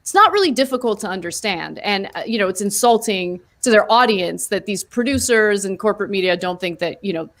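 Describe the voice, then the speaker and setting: A woman's voice: mid-range voice, lively intonation, a little fast, hardly any pauses, fairly bright tone. Emphatic woman co-hosting a politics talk show. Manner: emphatic, argumentative. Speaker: co-host. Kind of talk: casual political discussion.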